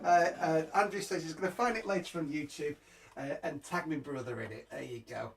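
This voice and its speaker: A man with a high voice hosts a live music stream in loose, chatty talk. He laughs easily and trips over fillers and restarts. A guitar sounds clearly behind him. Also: brisk, recorded from a distance. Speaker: host of a live music show. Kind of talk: casual live-stream chat.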